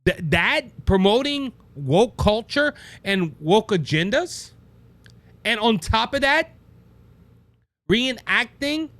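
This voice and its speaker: Cajun-accented male show host, high bright voice, slow emphatic monologue with repeats and restarts. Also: no echo. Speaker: podcast host. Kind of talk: opinion monologue.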